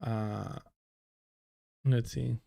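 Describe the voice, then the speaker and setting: A man's voice: mid-range voice, steady tone, extremely slow, gravelly, mellow. A man streaming live and reacting to clips with profane, sarcastic commentary. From United States. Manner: profane, sarcastic, mocking voices of clip figures.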